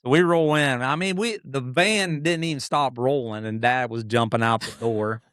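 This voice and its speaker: Smooth-voiced middle-aged man telling stories. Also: medium pitch, moderate pace, dry recording, studio quality. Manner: animated, acts out quoted people, frequent restarts. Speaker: podcast guest, motocross racer. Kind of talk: casual storytelling.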